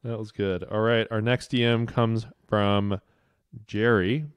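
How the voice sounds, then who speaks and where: A man co-hosting a podcast, reading listener messages aloud in a relaxed, amused way. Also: fairly low pitch, a little slow, clear, resonant tone, dry recording. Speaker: podcast co-host.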